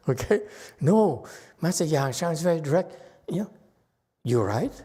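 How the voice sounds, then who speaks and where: A man's voice: fairly high pitch, big pitch swings, takes it slowly, mellow, husky. A man as a Buddhist meditation master giving a conversational dharma lecture, checking in with his listeners often.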